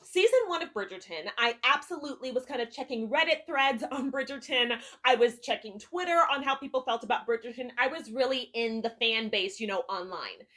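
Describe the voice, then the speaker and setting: Woman reviewing a show on her channel, kinda high bright voice, blunt, swears a lot. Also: animated, fairly quick, few pauses. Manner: candid, swears freely, emphatic. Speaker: TV review vlogger. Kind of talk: casual on-camera review.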